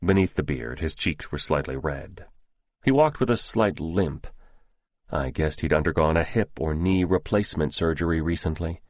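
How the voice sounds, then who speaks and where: A man narrating a first-person thriller audiobook in a measured, steady storytelling manner. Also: very deep voice, dry recording, clean studio sound.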